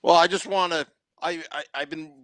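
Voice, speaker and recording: A man's voice: on the high side, steady tone, moderate pace, pushed and bright, no room sound. A man co-hosting a hockey podcast, laying out his game analysis point by point. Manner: methodical, list-like analysis. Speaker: podcast co-host. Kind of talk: sports analysis chat.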